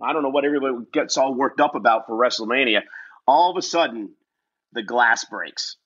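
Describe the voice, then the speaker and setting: Man, guest storyteller, husky, bright edge, lo-fi sound, self-mocking. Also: medium pitch, brisk. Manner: lively, self-mocking, acts out quoted voices. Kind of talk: animated storytelling in a casual interview.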